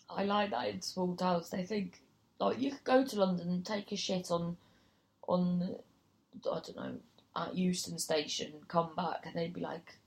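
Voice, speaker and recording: A woman's voice: lowish voice, steady tone, moderate pace, vocal fry, darkish tone. A woman comedian telling a gig story casually, swearing freely and acting out other people's voices. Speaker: comedian and compere.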